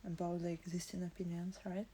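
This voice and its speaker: A young woman streaming live, talking casually in a halting, hesitant way as she searches for words, emotional and teary. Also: fairly low pitch, flat delivery, mellow, a little hiss or hum.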